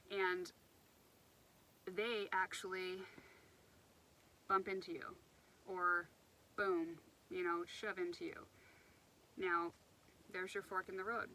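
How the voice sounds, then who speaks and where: A woman's voice: mid-range voice, pushed and bright, a little hiss or hum, poor audio. A woman giving an unscripted motivational talk outdoors by the water, rambling a little and restarting her sentences as she goes. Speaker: self-help speaker.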